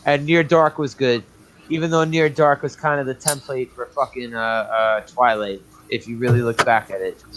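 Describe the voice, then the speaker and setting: A man's voice: mid-range voice, fairly even intonation, normal speed, a bit bright, a little hiss or hum, low-quality recording. A man co-hosting a casual movie review chat, blunt and opinionated with heavy swearing. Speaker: podcast co-host.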